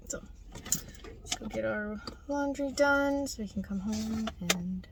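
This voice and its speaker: A woman's voice: on the high side, slow, background noise. A woman talking casually to the camera in a vlog, out of breath and often dropping to a whisper. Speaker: vlogger.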